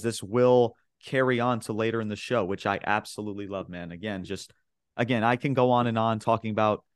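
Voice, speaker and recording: A man with a fairly low voice talks through a wrestling show in a loose, rambling way. He leans on filler words and slips into the voices of the people he quotes. The sound is dry and close. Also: clean tone, no room sound. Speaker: podcast co-host. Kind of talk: casual wrestling recap chat.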